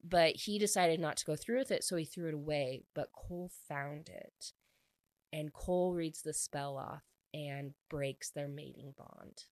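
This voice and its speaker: Low-voiced woman rambling through a recap. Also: unhurried, darkish tone, no room sound. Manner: rambling, frequent "like" fillers. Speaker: book reviewer. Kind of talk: casual book recap.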